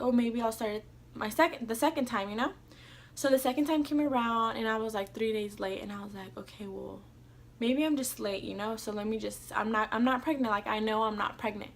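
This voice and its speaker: A woman's voice: fairly high pitch, fairly bright tone. A young woman telling a personal story in a casual vlog, rambling and filling her sentences with "like". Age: young adult. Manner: rambling, heavy use of "like", casual swearing. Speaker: vlogger.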